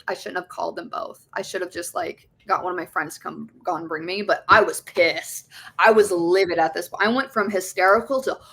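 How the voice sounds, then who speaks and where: A woman's voice: on the low side, vocal fry, fairly bright tone, slightly rough. A young woman as an interview guest, candidly telling a personal story, swearing often and acting out the voices of others. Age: young adult.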